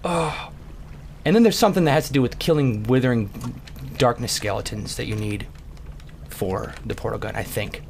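A man's voice: mid-range voice, moderate pace, vocal fry, slight background noise. A man giving casual, playful game commentary, goofing around and slipping into silly voices as he plays. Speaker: let's play gamer.

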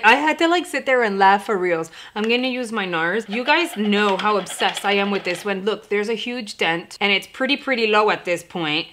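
A woman in her thirties telling a story in a lively, chatty way while trying on makeup. She acts out the voices of the people she quotes. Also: medium pitch. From Florida. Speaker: beauty vlogger. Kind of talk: casual storytelling during a makeup try-on.

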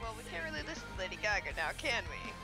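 A woman reacting with disbelief and quick sarcastic remarks in casual chat. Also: a little high, sing-song, over music. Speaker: co-host reacting.

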